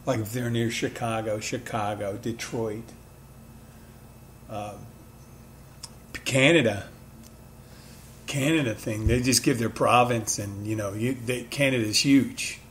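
A man's voice: medium pitch, steady tone, slow pace, long pauses, a bit bright, slight background noise. A man with a mid-Atlantic accent tinged with Philadelphia, hosting a bartending podcast and telling a rambling, conversational story with self-correcting asides. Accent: mid-Atlantic with a light Philadelphia touch. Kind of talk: casual solo storytelling.

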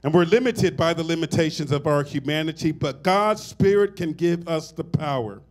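A man's voice: fairly high pitch, normal speed. A middle-aged man preaching a sermon, swelling into emphatic phrases and turning to the congregation with asides and amens. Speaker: pastor.

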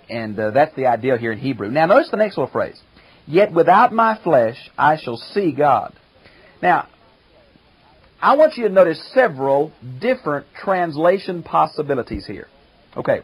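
An older man and pastor teaching a Bible commentary lecture, emphatic, slowing down to stress quoted verses. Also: a little high, breathy edge, low-quality recording.

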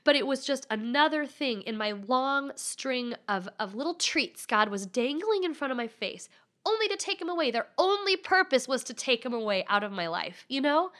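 A woman's voice: sits high, very animated, moderate pace, fairly bright tone. A woman in her thirties, a podcast guest candidly telling a personal story.

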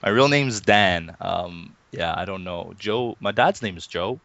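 A low-voiced man in his thirties talks casually as an interview guest, relaxed and chuckling, full of "um"s and restarts. The sound is dry and a bit muffled, like an online voice call. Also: measured pace, vocal fry, dry recording. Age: 30s. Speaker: interview guest, Minecraft YouTuber.

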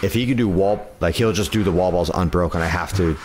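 Low-voiced easygoing man. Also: fast, a little mellow, slight background noise. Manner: easygoing, loose with "like" fillers. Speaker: podcast guest. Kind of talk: casual chat.

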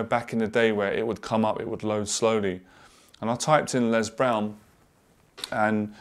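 A confidence coach speaks to camera in a fairly low voice, open and earnest about his past. He often stops and restarts mid-thought, sounding unscripted and sincere. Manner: earnest and candid, halting with frequent restarts. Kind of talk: personal story told to camera.

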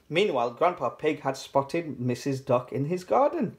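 A man's voice: mid-range voice, moderate pace, hardly any pauses. A man reading a children's picture book aloud in a cheerful storytelling voice. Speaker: storybook reader.

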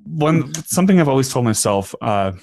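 A man's voice: mid-range voice, expressive, normal speed, gravelly, warm tone, dry recording, clean studio sound. A man hosting a podcast, talking in a laid-back, conversational way with filler words. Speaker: podcast host. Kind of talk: casual podcast interview.

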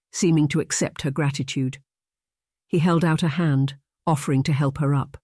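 An audiobook narrator reading a historical romance in an even, measured way. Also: medium pitch, no echo, studio quality.

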